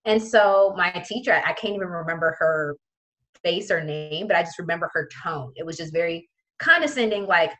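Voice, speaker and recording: A woman's voice: fairly low pitch, normal speed, fairly bright tone, poor audio. A young woman from the Prince George's County area, telling a personal story in casual talk, with many fillers and quoted voices. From Prince George's County, Maryland area. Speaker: guest.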